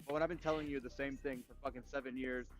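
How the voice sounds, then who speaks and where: A man's voice: mid-range voice, fairly even intonation, very fast, soft background music. A man ranting animatedly in casual chat, swearing heavily.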